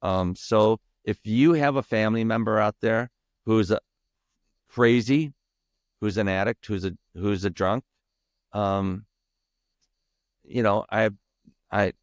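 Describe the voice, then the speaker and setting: A man's voice: lowish voice, slow, pauses often, clear, resonant tone, dry recording, studio quality. A man as a podcast guest, candidly telling a personal story, emphatic and raw, with frequent restarts and the odd swear word.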